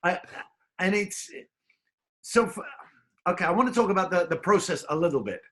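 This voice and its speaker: A man's voice: high-pitched, animated, normal speed, fairly bright tone. A man hosting a casual interview on a video call, with florid, theatrical phrasing. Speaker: host. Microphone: video call microphone.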